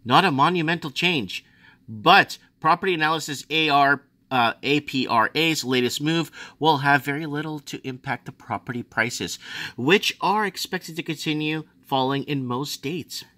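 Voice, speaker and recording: A man from Australia reading finance news aloud and ranting about it, sarcastic, swinging from low muttering to mocking high outbursts. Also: normal speed, bright, forceful tone, dry recording. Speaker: finance commentator.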